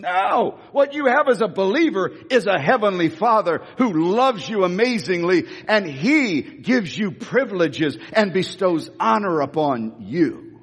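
A man preaching a sermon, stressing and repeating key lines, moving between slow weighty phrases and quick asides. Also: high-pitched, big pitch swings, slightly rough. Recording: echoey church hall.

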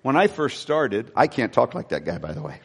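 A man preaching a sermon, telling stories in an animated, conversational way. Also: medium pitch, normal speed, slightly rough, big-room sound. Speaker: pastor.

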